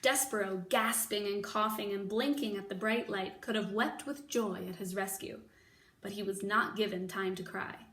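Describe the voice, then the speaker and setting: A woman teacher reading a children's novel aloud, expressive and bringing the characters to life with voices. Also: mid-range voice, moderate pace. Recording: echoey room, mic at a distance.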